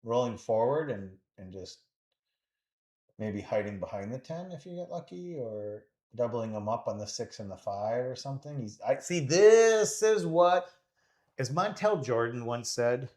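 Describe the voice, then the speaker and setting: A man's voice: medium pitch, animated, moderate pace, a little mellow. Man, pool commentator, casual live commentary, rambling, jokey, thinks aloud.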